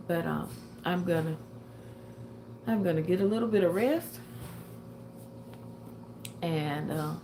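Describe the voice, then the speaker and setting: A woman's voice: sits low, background noise. An older woman chatting casually with viewers on a livestream, a little tired and short of breath. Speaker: livestream host.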